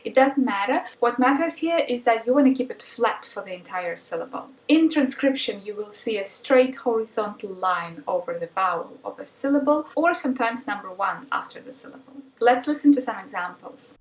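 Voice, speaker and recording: A woman explaining lessons patiently and clearly as a language teacher. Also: on the high side, expressive, normal speed, hardly any pauses, reverberant, recorded from a distance, rough recording.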